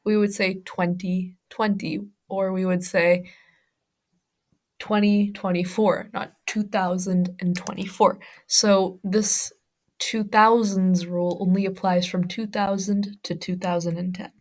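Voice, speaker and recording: An American woman teaching English as a second language. She explains patiently, one step at a time, and walks through examples. Her voice sits at an ordinary middle pitch. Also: flat delivery, a little slow, darkish tone. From United States. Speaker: ESL teacher.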